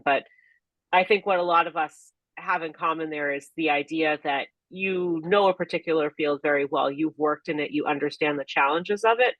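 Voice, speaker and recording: A woman's voice: low voice, fairly bright tone, no room sound, highs cut off. A woman on a video-call panel, telling her story in a friendly way and laughing easily. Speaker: panelist, team leader. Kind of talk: casual storytelling.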